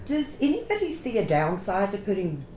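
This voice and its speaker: A woman co-hosting a casual history podcast, giving facts in a measured, dry way. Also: mid-range voice, sing-song, warm tone. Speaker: podcast co-host and researcher. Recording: roomy with faint noise.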